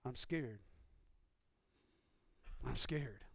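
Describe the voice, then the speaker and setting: Impassioned preacher man, bright voice. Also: normal speed, dry recording. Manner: swings from low conversational asides to shouted, impassioned climaxes; folksy, uses ain't and y'all. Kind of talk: sermon.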